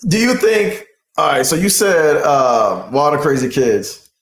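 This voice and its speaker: A man's voice: on the high side, very animated, unhurried, a bit bright, echoey room. A man co-hosting a podcast in casual chat, slangy and emphatic, laughing often. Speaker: podcast co-host.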